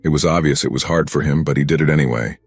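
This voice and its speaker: A man narrating a first-person horror story in a steady, grim, scripted telling. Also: very deep voice, quick pace, gravelly, husky, no echo, soft background music.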